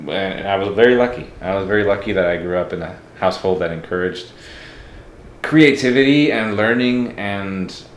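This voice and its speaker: A man's voice: low voice, moderate pace, roomy sound, a little hiss or hum. A man from Mexico talking as a podcast guest, reflective and candid in a casual interview.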